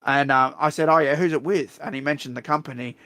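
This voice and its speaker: An Australian man hosting a stream, telling a story in a blunt, profane, animated way. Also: mid-range voice, fast talker, dry recording, clean studio sound. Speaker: streamer host. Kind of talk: casual storytelling chat.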